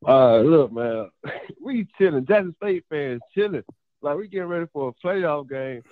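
A man's voice: fairly high pitch, expressive, moderate pace, no echo. A man calling in to a sports show, arguing insistently and pushing to finish his point, heard over a tinny phone line. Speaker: caller. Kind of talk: heated sports debate on a call-in line.

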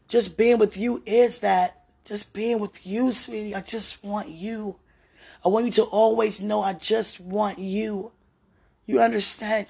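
A man with a high, gravelly voice delivers a long, heartfelt monologue to someone he loves. He rambles tenderly, with frequent religious thanks. The tone is husky and often sinks to a quiet murmur. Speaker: partner speaking to a loved one.

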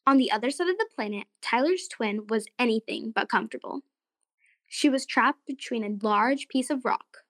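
A woman's voice: on the high side, normal speed, no room sound, studio quality. Woman narrating a children's story. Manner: expressive, friendly storytelling. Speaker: narrator and segment host.

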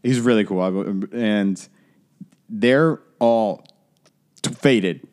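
A man's voice: lowish voice, takes it slowly, a little mellow. Profane, rambling young podcast host man. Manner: rambling, profane, lots of fillers and "like". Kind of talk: casual storytelling chat.

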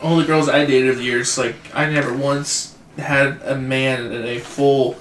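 A man's voice: mid-range voice, little pitch movement, normal speed, fairly bright tone, distant mic. A young man in casual chat, telling rambling, profane stories. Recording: echoey room, off-mic, clear noise.

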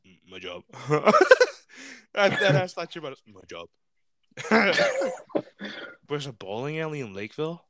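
Pausing often at a measured pace, a young podcast co-host with a voice on the high side shares stories in a relaxed conversation. He's animated and breaks into laughter frequently.

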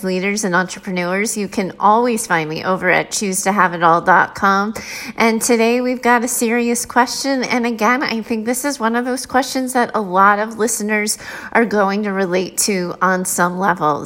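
A woman's voice: mid-range voice, a bit bright. Earnest woman podcast coach. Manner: earnest, direct, lightly self-deprecating. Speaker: mindset coach and podcast host. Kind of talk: solo podcast, reading a listener letter and advising.

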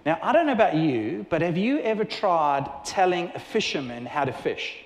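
Animated preacher in an echoey hall. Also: male voice, high voice, moderate pace. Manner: animated storytelling with acted-out dialogue. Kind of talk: sermon. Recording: echoey hall with long reverb.

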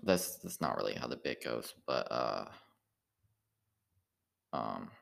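A tired man with a very deep, gravelly voice talks in a loose, meandering monologue. He stops and restarts often, trailing off and circling back as if thinking aloud. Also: very animated, a bit bright. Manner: meandering, halting, full of restarts and filler. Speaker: amateur stand-up comedian. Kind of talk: rambling casual monologue.

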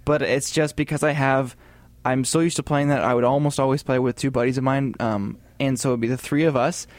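A man co-hosting a casual gaming podcast, talking in a chatty, rambling way with animated asides. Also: mid-range voice, brisk, no echo. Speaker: podcast co-host.

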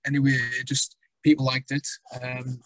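A young man with a North East English accent tells rambling stories in a relaxed guest chat, swearing casually. His pitch stays flat and even as he talks. The recording is dry and close, with no room sound. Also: moderate pace, dry recording, low-quality recording. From Sunderland, North East England. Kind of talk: casual conversation.

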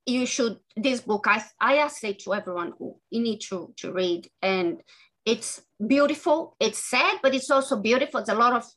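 A woman author talking earnestly as an interview guest, halting and restarting her sentences often. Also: fairly high pitch, animated, fairly bright tone, rough recording. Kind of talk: podcast interview conversation.

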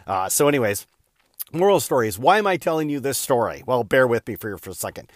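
A man's voice: medium pitch, sing-song, quick pace, no room sound, clean studio sound. A man hosting a show, telling a casual story in a rambling, self-deprecating way with lots of fillers. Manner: rambling, frequent fillers and "da, da, da" asides.

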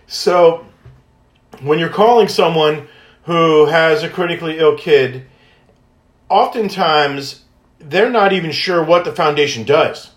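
A man hosting a podcast, telling stories in a casual, high-energy way, laughing often and acting out phone calls. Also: slow pace, pauses often. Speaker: podcast host and wish granter. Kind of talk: casual storytelling monologue. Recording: echoey room.

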